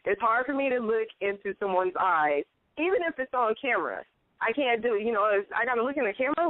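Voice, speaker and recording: A woman co-hosts a casual talk show with a lively, laughing manner and cuts in often. Her voice sounds dry and narrow, as if it comes over a phone line. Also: on the high side, fast talker, no room sound. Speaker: co-host. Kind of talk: casual chat.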